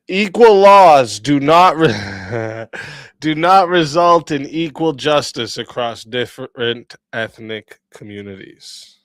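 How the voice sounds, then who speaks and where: A man hosting a debate in voice chat, relaxed and laughing often, his voice going hoarse. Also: mid-range voice, takes it slowly, dry recording. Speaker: debate host.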